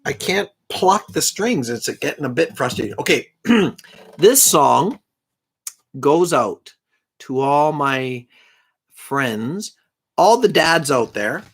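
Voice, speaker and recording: A middle-aged man chatting casually between songs on a live stream, self-deprecating and often clearing his throat, his voice catching a little from strain. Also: a little high, very animated, slow pace. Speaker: singer-songwriter streaming live. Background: his own guitar.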